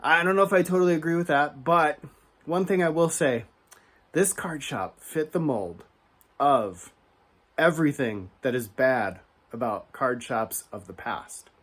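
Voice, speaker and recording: A man's voice: on the high side, a little slow. A man hosting a card collecting channel, telling a story as a rant, chatty and full of asides, growing heated and emphatic. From United States. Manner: animated, grows heated and emphatic; conversational, frequent asides and restarts.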